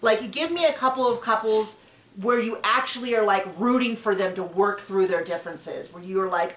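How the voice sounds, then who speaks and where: A woman's voice: medium pitch, fairly quick, a bit bright, reverberant. A woman hosting a casual TV recap chat, rambling with frequent restarts and fillers. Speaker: TV recap host.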